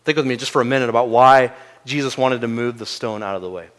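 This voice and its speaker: A man preaching a sermon in an earnest way, moving between quiet asides and loud, emphatic peaks. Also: medium pitch, fast.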